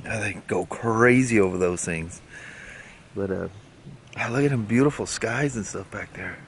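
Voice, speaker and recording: A man talking casually in a daily vlog, relaxed and rambling, often chuckling. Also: fairly low pitch, measured pace, slight background noise. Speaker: vlogger. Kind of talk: casual chat. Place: driving home, then at home outdoors.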